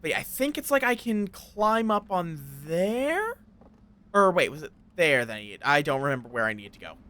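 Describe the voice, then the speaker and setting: A playful male game streamer chatters casually, greeting his chat as he plays and rambling at a moderate pace. His high voice swoops up and down with a lively range, bright and a little sharp.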